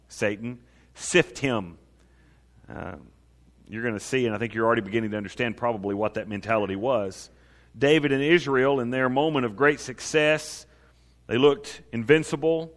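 Guy preaching a sermon, reads scripture out with lots of emphasis, bright sharp voice. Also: on the high side. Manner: reads scripture aloud with rising and falling emphasis. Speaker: pastor.

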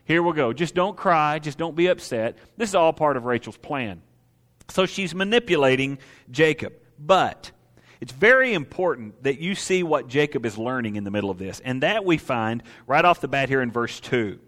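A man's voice: medium pitch, expressive, fairly bright tone. Male preacher, chatty and emphatic, wry humor, rhetorical questions, a big reverberant hall. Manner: emphatic, slowing down on key points. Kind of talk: sermon.

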